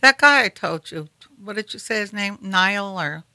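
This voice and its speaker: A middle-aged woman co-hosts a talk show and speaks at a middle pitch in a bright, crisp voice. Her replies are short and easygoing. The mic is close and dry. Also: animated, moderate pace, no room sound, poor audio. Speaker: co-host. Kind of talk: casual talk show banter.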